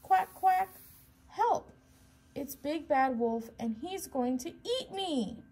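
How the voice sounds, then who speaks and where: A woman voicing a small lost duckling boy, squeaky and frightened. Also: sing-song, slow pace, vocal fry, heavily acted. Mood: scared.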